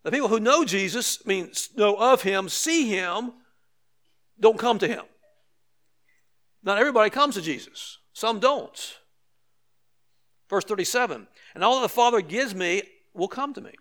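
A man's voice: sits high, animated, unhurried, long pauses, a bit bright. An older man preaching a sermon as pastor, conversational with emphatic repetitions and light asides to the congregation.

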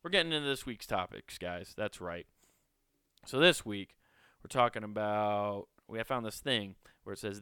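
A man's voice: on the low side, lively intonation, normal speed, pushed and bright, clear, resonant tone, dry recording, studio quality. A man in his thirties hosting a podcast, rambling casually, swearing and joking at himself. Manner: rambling, swearing, self-mocking. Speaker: podcast host.

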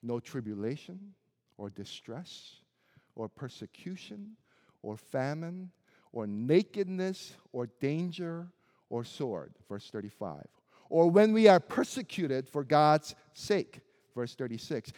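Man preaching, native Korean speaker, slow and earnest, with a long hall echo. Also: a little high, very animated, darkish tone. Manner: earnest, emphatic, builds through lists of rhetorical questions. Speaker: pastor. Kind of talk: sermon.

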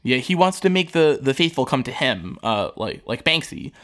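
Lively laughing man recapping a show. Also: mid-range voice, normal speed. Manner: animated, laughing, acts out characters' lines. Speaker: podcast co-host. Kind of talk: casual chat recapping a TV show.

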